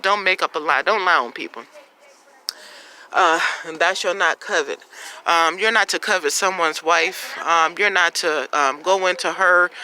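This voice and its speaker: A woman's voice: on the low side, pushed and bright, a little hiss or hum, rough recording. A woman preaching bluntly to the camera, scolding and repeating herself with many ums. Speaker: religious teacher.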